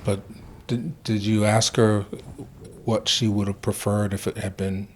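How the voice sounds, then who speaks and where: An interviewer asking questions haltingly, repeating words while finding the phrasing. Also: deep voice, level tone, slight background noise.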